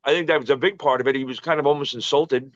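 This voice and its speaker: A man's voice: mid-range voice, steady tone, fast talker, no echo, muffled recording. A man in his early forties, a podcast guest, telling stories in a casual, profane, rambling way. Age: early 40s.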